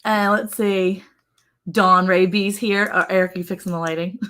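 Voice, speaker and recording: A woman's voice: mid-range voice, steady tone, normal speed, fairly bright tone. A middle-aged woman co-hosting a casual livestream, chatty and laughing often as she reads out viewer messages. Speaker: co-host of a livestream. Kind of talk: casual live chat reading comments.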